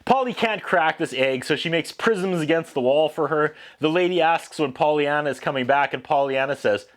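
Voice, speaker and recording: A man's voice: fairly high pitch, normal speed. A man hosting a casual, comedic movie recap, with lots of sarcastic, wry asides. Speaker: film reviewer host.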